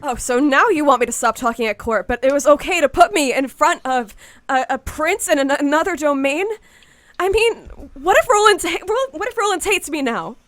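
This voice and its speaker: Woman voicing an anxious vampire courtier, rambling, stumbling, high voice. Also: normal speed, no echo, natural voice. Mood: indignant. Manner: rambling, stumbling, increasingly indignant. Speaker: player voicing her character.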